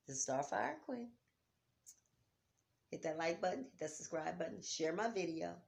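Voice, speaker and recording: A middle-aged woman talking at home about grief, heartfelt, dropping to near-whispers and rising to loud urging. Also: low-pitched, moderate pace, gravelly. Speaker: vlogger. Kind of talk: emotional vlog talk. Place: home, on a couch.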